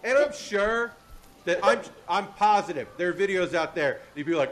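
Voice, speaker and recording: A man hosting a live comedy panel on a convention stage, animated and laughing at his own jokes. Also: high voice, moderate pace. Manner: animated, laughing, self-deprecating. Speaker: host. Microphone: handheld or stand mic.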